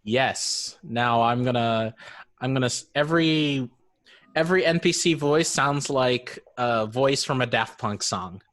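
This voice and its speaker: A man's voice: medium pitch, a little slow, a bit bright. A man hosting a casual podcast as dungeon master, joking and self-deprecating.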